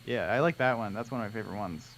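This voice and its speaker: A man's voice: on the low side, very fast, noisy background. A man co-hosting a live miniature-painting stream, chatting casually, joking and reading out viewer questions. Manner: joking, teasing, reads viewer questions aloud. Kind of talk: casual chat.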